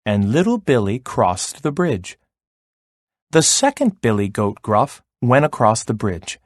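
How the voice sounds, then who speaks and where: A man reading a children's story aloud in a slow, expressive way. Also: medium pitch, dry recording, clean studio sound. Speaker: narrator.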